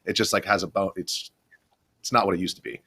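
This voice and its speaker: A man's voice: low-pitched, steady tone, fast talker, pushed and bright, breathy edge. A young adult man, a video journalist, rambling through a story in a casual podcast interview, full of restarts and fillers.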